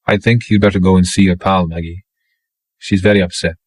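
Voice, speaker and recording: A man reading an audiobook, voicing a steady, dry-humored naval petty officer who speaks mildly and wryly. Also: low-pitched, brisk, slightly rough, no echo, low-quality recording. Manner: mild, wry.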